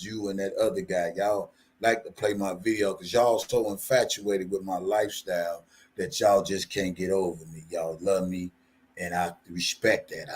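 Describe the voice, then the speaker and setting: A man hosting a live stream, ranting casually in a profane, mocking way and laughing often. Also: deep voice. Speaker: livestream host. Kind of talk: casual livestream rant.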